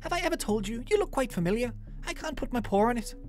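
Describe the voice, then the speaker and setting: A woman voicing an elderly, fussy, motherly female spirit bear in a put-on Irish accent, reading game dialogue aloud in a high, fluttery voice and calling the player dear. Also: animated, fast talker, a little mellow, soft background music, close to an everyday voice. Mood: fussy, doting.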